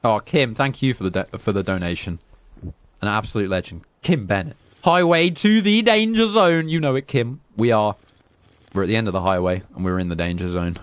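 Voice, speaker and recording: A man's voice: deep voice, fairly quick, dry recording. A young English man streaming a survival game, chatting casually, swearing freely and thanking donors by name. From England. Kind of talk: live gameplay commentary.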